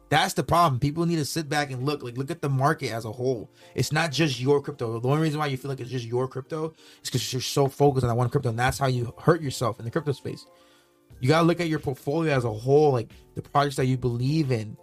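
A man's voice: medium pitch, fast talker, faint music behind. Laid-back man in casual podcast chat. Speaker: podcast co-host.

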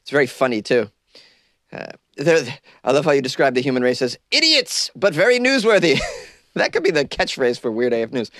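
Male podcast host, mid-pitched, loose and self-deprecating, dry closet sound. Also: very animated, a little fast, a bit bright, no echo. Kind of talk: casual solo podcast chat. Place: small closet.

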